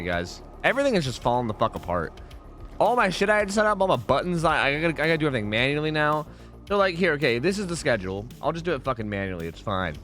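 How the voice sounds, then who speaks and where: A man's voice: medium pitch, sing-song, quick pace, a bit bright, faint music behind. A man hosting a casual livestream who swears a lot, rambles, and keeps thanking subscribers.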